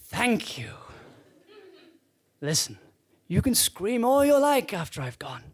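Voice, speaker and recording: A man's voice: high voice, big pitch swings, slow, heavily acted. Fumbling polite warden of a grim afterlife, as a man plays him, umming and apologizing, comedy audio drama. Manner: awkward, apologetic rambling with many fillers. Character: polite but sinister male afterlife warden.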